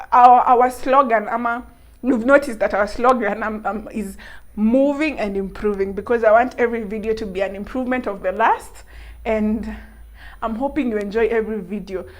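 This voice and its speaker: A young Kenyan woman vlogger telling a story to camera in an animated, laughing way. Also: fairly high pitch. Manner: animated, laughing, mixing in local words.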